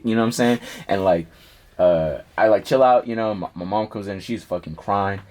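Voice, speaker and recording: A man's voice: fairly low pitch, fairly quick. A young man, a rapper, telling a personal story in a casual interview, full of slang and swearing. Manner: slangy, profane, animated storytelling. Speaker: rapper guest.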